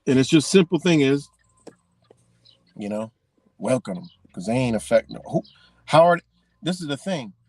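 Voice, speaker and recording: A man's voice: mid-range voice, animated, normal speed, long pauses, darkish tone, breathy edge, no echo. A man ranting in a heated, profane monologue, repeating himself and swearing often. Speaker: vlogger.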